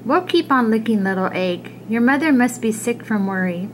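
A woman voicing a polite, soft-spoken young boy on a quest in a storybook reading. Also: a little high, lively intonation, moderate pace, a little hiss or hum, lightly acted, poor audio.

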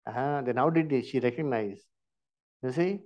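A man's voice: medium pitch, measured pace, highs cut off. A man with an Indian English accent teaching a Bible lesson, firing questions and prompting answers with "huh?".

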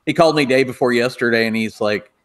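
A man building custom cars talks over a video call in a relaxed, rambling way, full of "you know" as he tells his stories. His pitch sits in the middle for a man, and he comes across as an easygoing guest. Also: fast talker.

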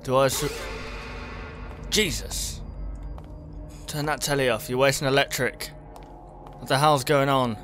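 A man's voice: medium pitch, a little slow, pauses often, a bit bright, soft background music. A young man, commenting as he plays a horror game on a headset mic and talking to himself as he gets easily startled. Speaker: gaming YouTuber.

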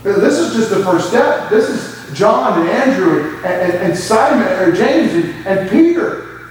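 A man's voice: sits high, sing-song, unhurried, slight background noise. A man preaching a sermon as pastor, with rising emphasis and quoted asides. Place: church sanctuary. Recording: echoey church hall from far off.

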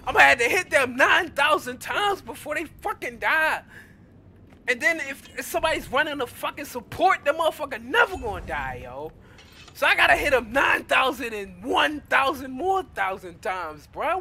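High, animated gamer man ranting. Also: moderate pace, vocal fry, a little hiss or hum. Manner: profane, exasperated, laughing through anger. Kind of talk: angry gaming rant.

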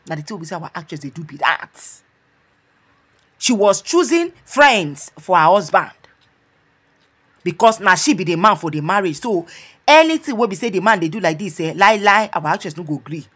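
A woman with a Nigerian Pidgin accent telling celebrity gossip to her viewers in a lively, chatty storytelling way, often calling out to "my people". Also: on the low side, normal speed, husky. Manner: animated storytelling, repeats "my people". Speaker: gossip blogger. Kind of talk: casual gossip commentary.

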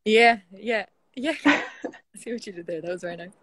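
An Irish woman, a guest in a casual interview, telling stories in a lively, chatty way over a video call. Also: medium pitch, moderate pace, dry recording, low-quality recording. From Ireland.

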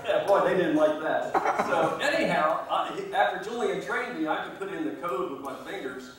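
A man's voice: on the high side, lively intonation, normal speed, fairly bright tone, distant mic. Chuckling man telling a story in an echoey room. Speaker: guest speaker. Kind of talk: anecdotal storytelling to a meeting. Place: meeting hall.

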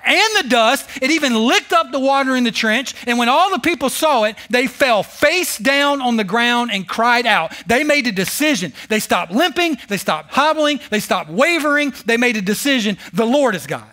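A male pastor preaching a sermon, telling a Bible story with animated, sarcastic humor. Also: very high-pitched, moderate pace, hardly any pauses. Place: church service.

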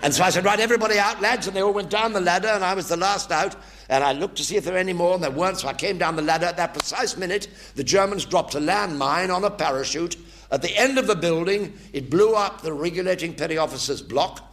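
In a high-pitched, fast voice with a fairly bright tone, a seventy-something Englishman recounts war stories for a theatre crowd, performing every character himself in a one-man show. There's slight background noise.

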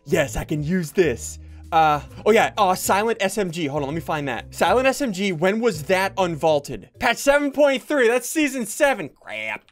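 A young man giving jokey, excitable commentary while playing a video game. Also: high-pitched, moderate pace. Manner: excitable, jokey, yelps and laughs mid-play. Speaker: gaming channel host. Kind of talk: live gameplay commentary.

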